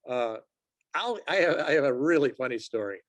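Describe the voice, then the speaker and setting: A man's voice: medium pitch, moderate pace, dry recording. A man in his sixties, a sports officials assignor, telling stories as a guest in a casual interview and acting out quotes in a raised voice. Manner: lively storyteller who acts out quotes in a raised voice.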